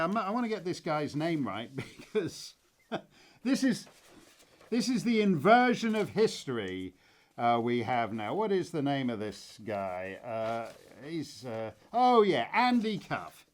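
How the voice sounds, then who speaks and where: A man hosting his own commentary show, talking off the cuff in a rambling, wry way with many fillers and restarts. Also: mid-range voice. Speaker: host. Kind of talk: casual spoken commentary.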